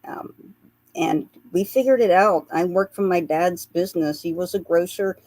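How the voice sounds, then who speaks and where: A woman with a lowish voice tells a long personal story as a radio guest. She speaks earnestly and laughs softly at the funnier memories. Her voice is close and dry on a studio mic. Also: normal speed, dry recording. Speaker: guest, psychic portrait artist. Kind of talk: recounting past-life memories in a radio interview.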